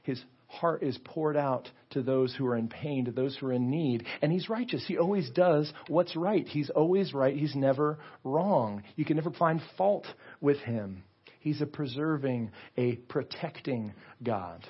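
A man's voice: medium pitch, unhurried, breathy edge, muffled recording. A male pastor preaching a sermon in an earnest, conversational way, often repeating his words. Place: church sanctuary.

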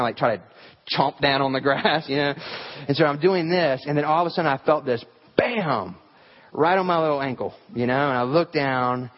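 A man's voice: medium pitch, muffled recording. A man preaching a sermon, telling folksy stories with humor and lots of fillers. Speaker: pastor.

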